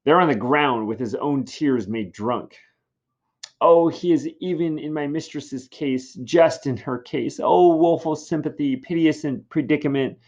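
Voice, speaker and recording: A man reading aloud and voicing a fussy, fretful older female nurse in a high, lamenting tone. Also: a little slow, a little mellow, highs cut off.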